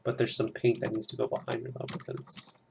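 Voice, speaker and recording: Young male art student, loose rambling chatter at home, mid pitch, faint background noise. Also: completely flat delivery, a little fast, gravelly. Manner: rambling, chatty, swears freely. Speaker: art student drawing on stream. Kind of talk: casual commentary while drawing.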